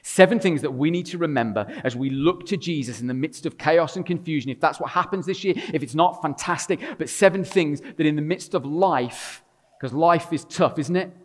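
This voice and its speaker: A man preaching a sermon to a congregation, swinging between loud emphatic passages and quiet, intimate storytelling with a touch of wry humor. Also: on the high side, moderate pace. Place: church. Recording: long reverb of a large room.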